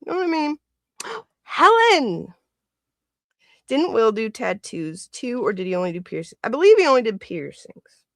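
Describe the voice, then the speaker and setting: A woman's voice: a little high, big pitch swings, brisk, dry recording, studio quality. A woman hosting a casual livestream, chatting and laughing often as she greets viewers by name. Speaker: livestream host.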